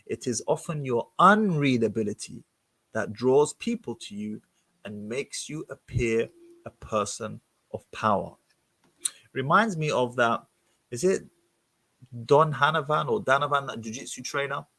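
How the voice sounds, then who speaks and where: A man reading passages from a book aloud and breaking off to comment on them in an expressive, animated way. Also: medium pitch, a little slow, dry recording.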